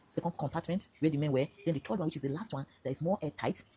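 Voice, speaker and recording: A woman's voice: deep voice, quick pace, warm tone, a little hiss or hum. A Nigerian woman in her fifties giving an earnest, emphatic personal testimony to camera, now and then slipping into Pidgin phrases. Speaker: vlogger telling her own story.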